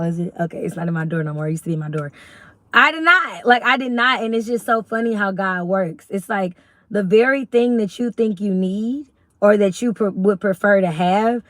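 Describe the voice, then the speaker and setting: A young woman from Arkansas with a Southern accent, chatting casually and rambling on a live stream as a YouTube host. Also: dry recording. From Little Rock, Arkansas. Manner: chatty, rambling, faith-filled talk with lively pitch jumps.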